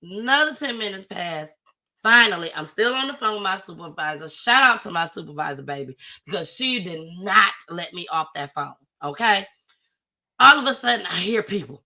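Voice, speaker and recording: A woman's voice: medium pitch, lively intonation, normal speed, pushed and bright. A woman, telling a story in a casual live-stream chat and acting out her own panicked cries. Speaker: storyteller guest.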